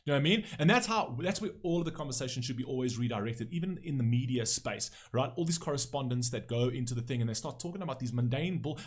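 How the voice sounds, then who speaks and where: Blunt, opinionated male reaction host. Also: mid-range voice. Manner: emphatic, blunt, swears freely, frequent "right?" tags.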